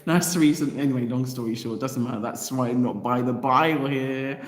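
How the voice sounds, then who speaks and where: A woman with a rumbling low, steady voice talks fairly quickly as she reads viewer comments on her livestream. The chat is emotional and impassioned, spoken straight to her viewers, and the room gives a long, echoing reverb.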